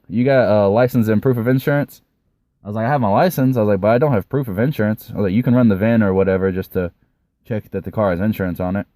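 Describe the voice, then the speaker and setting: A young vlogger tells a personal story in a relaxed, offhand ramble, swearing now and then. His low voice is mellow and warm. The recording is dry and close, with no room sound.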